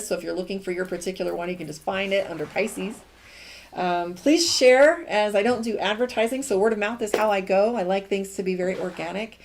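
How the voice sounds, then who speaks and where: Woman, middle-aged, tarot reader, chatty, encouraging, mid-pitched voice, casual live stream. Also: a little mellow, slight background noise. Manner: chatty and encouraging, acts out quoted lines.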